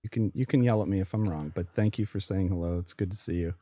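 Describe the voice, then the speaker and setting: Western PA man hosting a relaxed chat stream, dark, slightly low voice, chatty, quick to laugh. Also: no echo. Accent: Western Pennsylvania. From Western Pennsylvania. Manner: chatty, laughs easily, greets chat by name. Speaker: livestream host. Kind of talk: casual chat with viewers.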